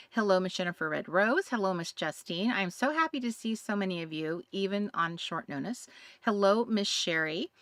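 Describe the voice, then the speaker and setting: A woman's voice: medium pitch, a bit bright, no echo. A woman hosting a live craft stream, chatting casually and greeting viewers by name, with many fillers. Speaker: craft livestream host. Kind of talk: casual livestream chat.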